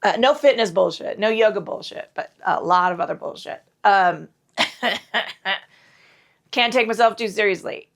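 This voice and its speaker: A woman's voice: medium pitch, unhurried, gravelly. A middle-aged woman teaching a casual yoga class, rambling, swearing freely and joking at her own expense. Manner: rambling, profane and self-deprecating. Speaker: yoga instructor. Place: indoors at home.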